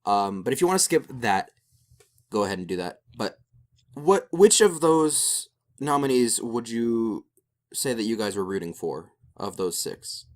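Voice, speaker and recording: A young man co-hosting an anime podcast in loose, casual chat. He rambles and restarts, with plenty of fillers, and his voice sits at an ordinary middle pitch. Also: a little slow. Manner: animated, rambling with many fillers. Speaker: podcast co-host.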